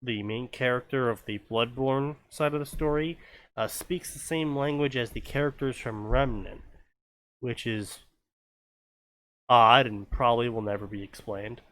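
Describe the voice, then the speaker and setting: A man's voice: medium pitch, a little slow, fairly bright tone, slight background noise. A man hosting a podcast, casually commenting on fanfiction in a rambling way full of ums and restarts. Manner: rambling, many fillers and restarts. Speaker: podcast host.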